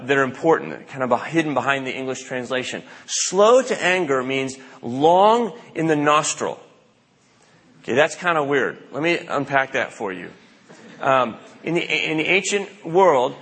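As pastor, a man preaches a sermon, telling stories conversationally and acting out the quotes within them. His voice is fairly high and fairly bright. The long reverb of a large hall fills the recording.

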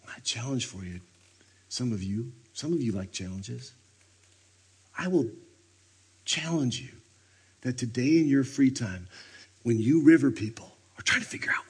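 A man giving a sermon at a retreat, animated, swinging between loud bursts and hushed near-whispers. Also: mid-range voice, unhurried, pauses often, husky. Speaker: retreat speaker. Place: retreat meeting room.

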